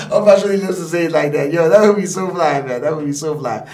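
A man talks through the day's headlines in a loose, chatty way. He repeats phrases as he thinks and laughs easily, and his voice sits a bit high for a man. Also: fast, a little mellow. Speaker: show host. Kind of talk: casual news chat.

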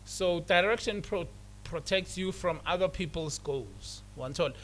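A man's voice: high-pitched, measured pace, fairly bright tone. A man hosting a radio show, talking in a casual, preachy way, repeating himself and mixing English with Setswana. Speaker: radio host. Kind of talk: casual motivational radio talk.

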